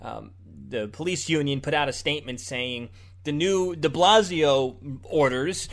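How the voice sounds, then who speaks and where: A man hosts opinion commentary over video clips and argues point by point in a combative tone. He turns sarcastic and mocks his opponents, and his voice sits a little high. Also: measured pace. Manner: argumentative, sarcastic, mocking mimicry of opponents. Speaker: political commentary host.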